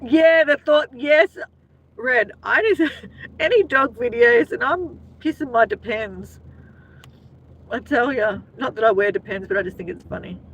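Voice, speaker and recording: A woman's voice: fairly high pitch, measured pace, a bit bright, slightly rough, poor audio. An Australian woman hosting a casual live chat, laughing often and talking to her viewers by name. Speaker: livestream host.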